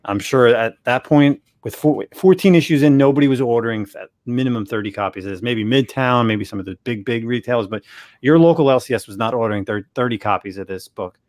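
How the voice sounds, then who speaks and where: A man co-hosting a casual chat, going over prices and sales figures in a relaxed way. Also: mid-range voice, fairly quick, no room sound, clean studio sound. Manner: relaxed, talks through prices and sales data. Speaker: co-host. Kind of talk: casual comic book collecting chat.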